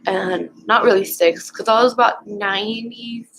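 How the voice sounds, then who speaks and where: A young woman vlogger casually telling a personal story at home, rambling and halting with lots of fillers. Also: mid-range voice, steady tone, a bit bright, slight background noise, low-quality recording.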